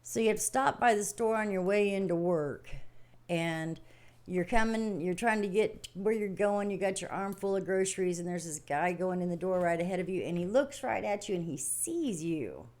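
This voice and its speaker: A woman's voice: lowish voice, moderate pace, a little mellow. Folksy older woman, rambling live chat. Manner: folksy and rambling, acts out little scenes. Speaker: livestream host. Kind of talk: casual spiritual talk. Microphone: home livestream setup.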